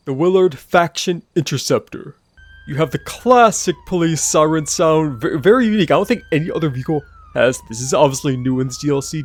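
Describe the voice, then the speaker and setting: A man's voice: a little high, darkish tone, no room sound, clean studio sound. A man giving casual gameplay commentary over footage as a gaming YouTuber, talking straight to his viewers in a chatty way.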